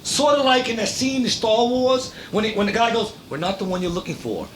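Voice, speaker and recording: Man, casual storytelling, profane, animated, slightly high voice, noisy low rumble behind. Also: a little fast. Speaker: podcast host telling a story.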